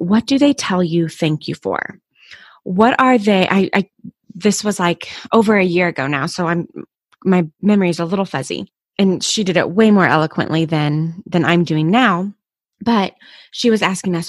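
A woman in her thirties speaks in a fairly low voice, hosting a motivational podcast. She talks in a candid, personal and encouraging way. The sound is dry and close to the mic, with no room around it. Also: normal speed, no room sound. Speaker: podcast host. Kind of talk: motivational solo podcast talk.

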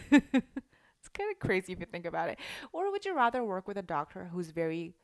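A woman coach giving a teaching monologue in a bubbly, emphatic, energetic way. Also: medium pitch, normal speed, no echo, studio quality. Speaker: life coach.

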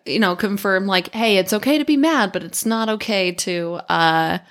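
A woman in her thirties, a mother chatting casually and acting out quoted lines in a high voice. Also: normal speed. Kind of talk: casual chat.

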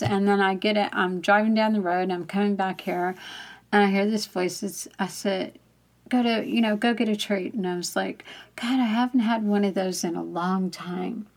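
A woman's voice: medium pitch, creaky. A woman telling a candid personal story in a chatty manner, laughing often as she talks.

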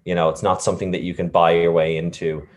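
Deep-voiced man telling a story. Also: flat delivery, fast. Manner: reflective, many fillers and restarts. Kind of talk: casual storytelling.

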